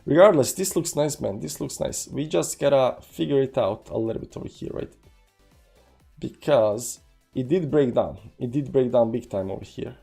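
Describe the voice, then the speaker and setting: A man's voice: medium pitch, moderate pace, creaky, dark tone, breathy edge, soft background music. A man hosting a casual trading livestream with non-native accented English, rambling through charts and reading chat aloud with many fillers. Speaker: crypto trading livestream host.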